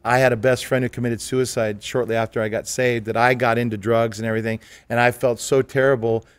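A man's voice: mid-range voice, level tone, a little fast, clean tone, no echo. A man, a pastor co-hosting a church interview show, telling a personal story in an earnest, emphatic way. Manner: earnest, emphatic, talks over others. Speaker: pastor and co-host. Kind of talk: conversational storytelling.

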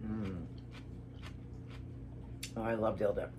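Low-voiced woman, tearful and earnest. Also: fairly even intonation, slow, background noise. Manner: tearful, earnest, repeats herself. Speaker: keto vlogger. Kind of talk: emotional devotional vlog with prayer and eating.

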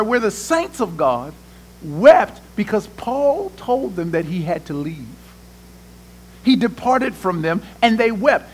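High-voiced pastor preaching a lively sermon. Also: male voice. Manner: animated preaching, acts out prayers and voices, talks to the congregation. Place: church sanctuary.

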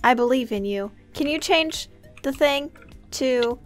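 A woman's voice: high-pitched, animated, measured pace, soft background music. A woman hosting a casual gaming video, giggling often and bossing her co-player around in an upbeat way. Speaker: gaming channel host. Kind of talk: casual gameplay chat.

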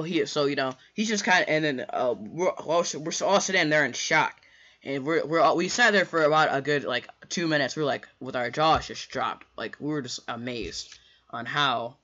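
With a medium-pitched, sharp-toned voice, a man tells a school story for his storytime vlog. It's a loose, rambling monologue packed with fillers, restarts, and slang-filled asides, captured in dull lo-fi sound.

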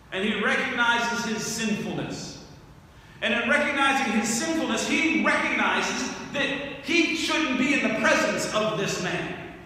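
A man preaching a sermon as pastor, talking in a conversational way that swells into animated emphasis on key phrases. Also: extremely high pitch. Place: church sanctuary. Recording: echoey church hall from far off, faint noise.

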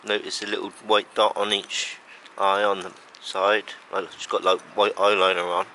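Chatty, lower-pitched man feeding pigeons outdoors. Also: little pitch movement, normal speed, sharp tone, poor audio. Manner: chatty, fond, laughs often, calls to birds. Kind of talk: casual outdoor vlog narration. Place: outdoors by puddles, rain. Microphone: handheld camera. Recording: outdoor camera audio with street noise.

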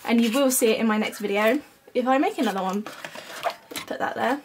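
A young woman with a high voice talks through an unboxing at home in a loose, chatty way. She giggles often between her lines. A faint hiss sits under the camera-mic recording. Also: lively intonation, moderate pace. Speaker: vlogger. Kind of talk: casual unboxing chat. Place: at home, indoors.

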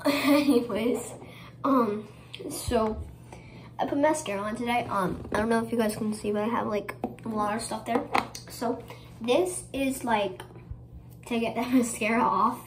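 A young woman chats casually in a get-ready-with-me vlog, rambling with lots of fillers and giggles. Her voice is fairly high in pitch at a normal speed, recorded in an echoey room with ambient noise.

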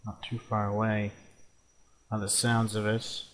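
A young man casually commenting on his own gameplay, chatty and quick to swear and exclaim. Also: fairly low pitch, monotone, a little hiss or hum. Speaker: let's play host.

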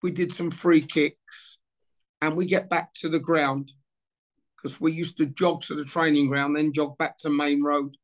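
In an easygoing interview, a man in his sixties who used to play football recounts a story at an unhurried pace, his voice a little high. He brings it to life by performing each line of dialogue.

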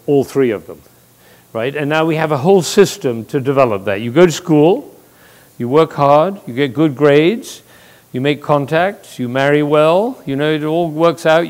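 Older male speaker, gravelly voice, mid pitch, animated storyteller at a live talk. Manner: animated, playful, tells jokes and stories. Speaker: conductor and speaker. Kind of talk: lively storytelling talk to an audience.

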